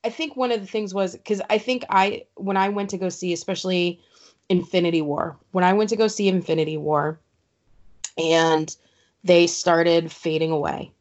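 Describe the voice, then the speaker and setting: Animated woman telling stories. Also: lowish voice, moderate pace. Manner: animated, emphatic storyteller. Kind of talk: casual chat. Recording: slightly dull lo-fi sound.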